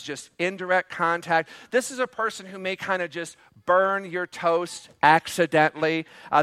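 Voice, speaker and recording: A man's voice: sits high, fairly bright tone, smooth, no room sound. A man preaching a sermon as pastor, in a conversational way with frequent fillers. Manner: leans into acted quotes.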